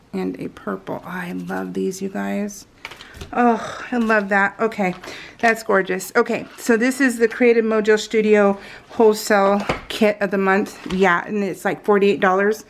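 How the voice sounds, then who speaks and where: Gushing woman with a gravelly edge. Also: mid-range voice, slight background noise. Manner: gushing and excitable, often dropping to a soft whisper. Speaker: craft vlogger. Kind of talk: casual unboxing chat.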